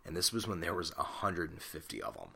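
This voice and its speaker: A man's voice: deep voice, very animated, fast, creaky, pushed and bright, breathy edge. A man in his twenties hosting a solo podcast on a desktop mic at home, rambling and self-conscious, swearing casually. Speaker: podcast host. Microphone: desktop USB mic.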